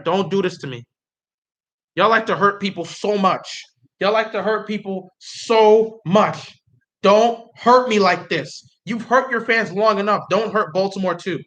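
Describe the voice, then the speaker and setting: An excitable man with a high, bright voice livestreams his reaction to the draft in a casual chat, pleading and repeating himself.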